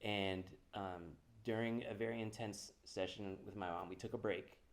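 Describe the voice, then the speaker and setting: A man's voice: lowish voice, fairly even intonation, normal speed. A man co-hosting a comedy podcast, telling a rambling story in casual chat with many fillers. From California.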